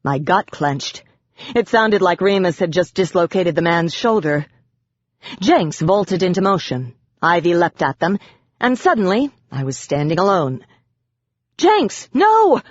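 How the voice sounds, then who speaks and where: A narrator telling a dark fantasy story in the first person, measured and dramatic. The voice sits at a middle pitch, and the recording is dull with no room echo. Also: lively intonation. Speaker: audiobook narrator. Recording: dull, dry lo-fi audio.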